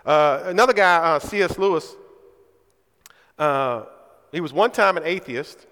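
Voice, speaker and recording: A man's voice: fairly high pitch, animated, a little slow, pushed and bright. A man preaching a sermon in a church, speaking emphatically and often checking in with his listeners by asking "right?". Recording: reverberant hall.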